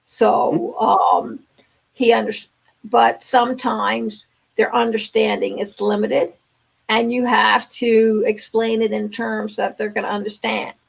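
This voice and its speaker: An older grandmother speaks as a guest on a radio show, earnestly telling stories and voicing the people in them. Her voice is fairly high and has a gravelly edge. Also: flat delivery, takes it slowly, poor audio. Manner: earnest storytelling, acts out dialogue. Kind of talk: conversational talk radio guest.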